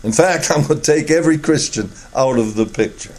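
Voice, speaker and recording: A middle-aged man preaching a sermon, emphatic, his voice rising high to stress key words. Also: a little fast, darkish tone.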